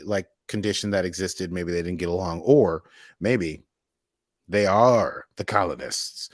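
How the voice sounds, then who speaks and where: A man's voice: fairly low pitch, no echo, studio quality. A man from the United States hosting a show, giving a casual, rambling recap of an episode with playful sound effects. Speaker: podcast host.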